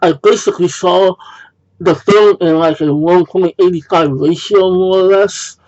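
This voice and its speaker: Man, casual film review, slightly high voice, rambling, self-correcting, muffled lo-fi sound. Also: steady tone, a little slow, darkish tone. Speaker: movie reviewer. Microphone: wrong built-in mic instead of the intended USB mic. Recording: dull lo-fi home recording.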